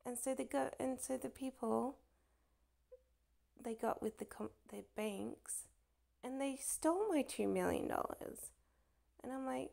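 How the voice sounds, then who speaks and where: A woman with a deeply creaky, gravelly voice tells a meandering personal story. She talks haltingly with many fillers and restarts, often sinking into a soft whisper.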